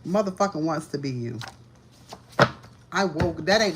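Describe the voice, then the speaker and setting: A woman's voice: deep voice, animated, measured pace, background noise. A woman doing a live-streamed tarot reading from home, ranting in a profane, agitated way. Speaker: tarot reader.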